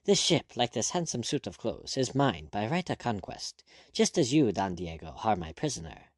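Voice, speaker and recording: Sardonic male pirate captain, ironic and cool, voiced by a male narrator; lively delivery, dry read. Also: on the low side, normal speed, dry recording. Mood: mocking. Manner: dry, ironic, drawling courtesy.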